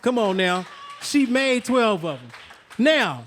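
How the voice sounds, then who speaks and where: High-voiced hype-man host. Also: sing-song, takes it slowly, a bit bright. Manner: hype-man, calls on the crowd to cheer. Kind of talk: casual interview, hyping the audience.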